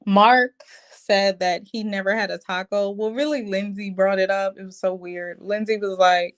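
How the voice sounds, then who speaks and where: A woman's voice: medium pitch, steady tone, normal speed. A woman recapping a reality show episode in a chatty, opinionated, slangy way. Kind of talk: casual show recap commentary.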